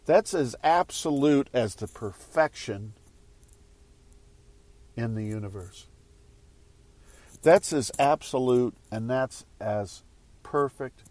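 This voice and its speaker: A man's voice: lowish voice, a little mellow, dry recording. A man giving a casual motivational talk to viewers, rambling and repeating phrases as he goes. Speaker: spiritual speaker.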